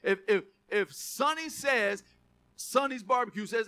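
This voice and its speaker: A man's voice: very high-pitched, a little slow, bright, forceful tone. A man preaching a sermon, conversational and then emphatic, calling on the church to repeat key words. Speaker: pastor.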